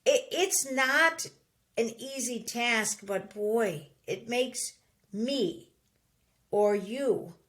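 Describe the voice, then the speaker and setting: A woman's voice: on the high side, drawn-out words. A middle-aged woman hosting a podcast, giving casual advice and acting out the voices of people she quotes. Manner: animated, acts out quoted voices. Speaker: podcast host.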